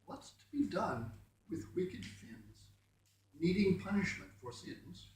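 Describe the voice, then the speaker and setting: A man reads rhyming poems aloud at a poetry night, chatting modestly between pieces. His voice sits a little high for a man. He is heard from far off in a very echoey room. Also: very animated, slow, darkish tone, slight background noise. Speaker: poetry reader. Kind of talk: poetry reading with spoken asides.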